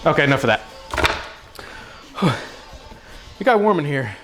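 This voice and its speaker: A man's voice: a little high, sing-song, measured pace, a bit bright, soft background music. A young man hosting a casual cooking livestream, joking and chatting with his viewers as he cooks. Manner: playful, joking, talks to chat viewers.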